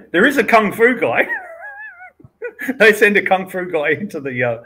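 A man's voice: high-pitched, wildly swooping pitch, takes it slowly, pushed and bright, slight background noise, poor audio. A man co-hosting a casual movie chat, telling the story with incredulous laughter.

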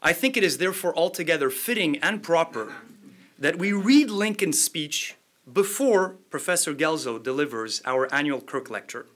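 A man's voice: a little high, expressive, moderate pace, a bit bright. A man with a slight accent hosting a formal lecture event, reading a famous speech aloud with oratorical emphasis. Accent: slight non-native accent, from Montreal area. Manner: oratorical, rising emphasis on key phrases. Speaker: event host, think tank director. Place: lecture hall.

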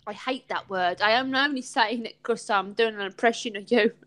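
A woman's voice: fairly high pitch, moderate pace, a bit bright, poor audio. A woman hosting a live stream chat, rambling in an upbeat, sweary way.

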